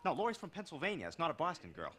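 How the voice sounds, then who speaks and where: An actor playing a blunt, opinionated male buddy in a film, speaking in rapid-fire fashion. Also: fairly high pitch, wildly swooping pitch, a bit bright. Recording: film clip with noise behind.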